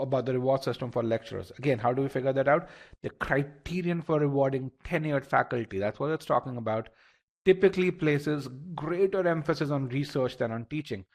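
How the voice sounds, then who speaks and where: A man teaching a live online test-prep class, explaining step by step, repeating words as he thinks and asking the audience for responses. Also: medium pitch.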